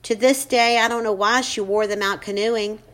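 A woman voicing a tired, grieving older mother who speaks in a low, sorrowful way. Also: fairly even intonation, normal speed, a bit bright, lightly acted.

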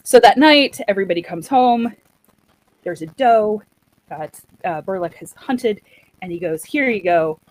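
A woman's voice: mid-range voice, measured pace, dry recording, low-quality recording. Chatty woman retelling a story. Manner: chatty, animated, acts out quotes.

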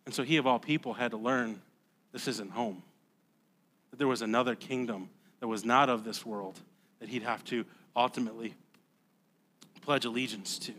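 A man preaching a sermon as pastor, conversational and emphatic, dropping to a hush and then rising loud, often repeating words. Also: mid-range voice, normal speed, long pauses, slight background noise. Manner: emphatic, swings from hushed to loud.

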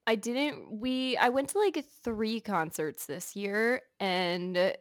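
A woman's voice: mid-range voice, slow, no room sound. Upbeat young woman co-host, encouraging, dry recording. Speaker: podcast co-host. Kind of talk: casual chat.

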